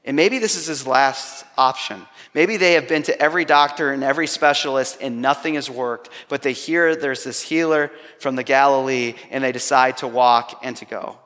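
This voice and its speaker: A man's voice: medium pitch, moderate pace, few pauses, fairly bright tone. Man preaching in a reverberant hall. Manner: storytelling with humor, then earnest and grave. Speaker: pastor. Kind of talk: sermon.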